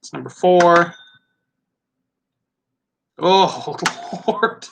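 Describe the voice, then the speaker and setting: A man's voice: high voice, very slow, vocal fry, long pauses, a little hiss or hum. A man with a Midwestern American accent hosting a casual live tasting, chatty and musing aloud as he goes. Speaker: host.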